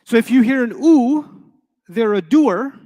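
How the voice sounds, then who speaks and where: A man's voice: extremely high pitch, animated, a little slow, dark tone, in a large hall. A middle-aged man teaching Arabic to a live class, playful, quizzing his students and answering his own questions.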